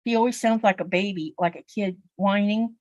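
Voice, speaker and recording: A woman's voice: medium pitch, fairly even intonation, moderate pace, darkish tone, no echo, highs cut off. A woman chatting casually on a sewing livestream as co-host, telling long rambling stories with many fillers.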